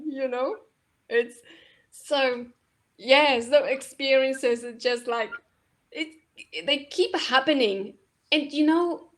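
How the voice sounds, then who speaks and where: Slow, high-voiced woman in spiritual chat. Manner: soft, halting, many restarts and laughs. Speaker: co-host. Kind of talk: casual spiritual conversation.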